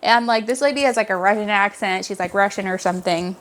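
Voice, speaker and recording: A woman's voice: mid-range voice, quick pace, fairly bright tone. A young woman giving a casual book review, chatty, giggling often and full of fillers. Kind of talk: casual chat.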